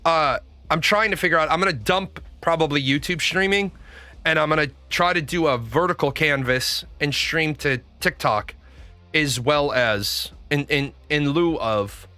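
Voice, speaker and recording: Bright-voiced man telling rambling stories. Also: a little high, dry recording. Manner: rambling anecdotal storytelling with swearing. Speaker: live streamer. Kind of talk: casual livestream chat.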